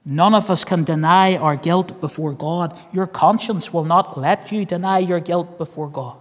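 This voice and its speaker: A man's voice: sits high, a little slow. A man with a Northern Irish accent preaching a sermon, earnest, repeating key phrases and calling listeners friend. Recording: long hall reverb.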